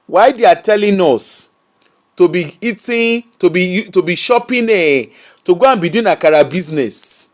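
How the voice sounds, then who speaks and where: Emphatic Nigerian-accented livestream host. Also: mid-range voice. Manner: emphatic, repeats phrases, chatty and mocking. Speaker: host of an online gossip and news show. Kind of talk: live-streamed commentary reading viewers' comments.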